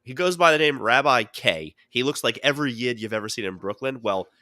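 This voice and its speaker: A man co-hosting a podcast talks in a bright, forward voice that swings widely up and down as he tells his stories. He chats casually into a close mic in a dry room, and he jumps in and out of quoted voices as he goes. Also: medium pitch, brisk, no room sound. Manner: animated storyteller who jumps into quoted voices. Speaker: podcast co-host.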